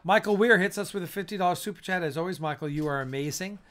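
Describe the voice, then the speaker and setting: Male live-stream host, slightly high voice, tired and blunt, loose casual chat. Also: fast talker, a bit bright. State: tired and yawning.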